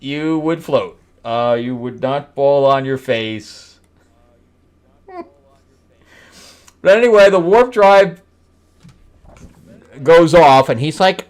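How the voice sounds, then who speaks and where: A man's voice: fairly high pitch, lively intonation, slow, long pauses. A man hosting a casual comic book review, wry and mocking, often breaking into laughter. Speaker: host, screenwriter reviewing comics.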